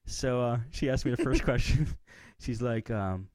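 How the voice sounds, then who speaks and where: A man's voice: mid-range voice, moderate pace, hardly any pauses, a little mellow, no room sound, clean studio sound. A man co-hosting a casual late-night tech podcast, telling a story and acting out both sides of a phone call. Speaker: podcast co-host.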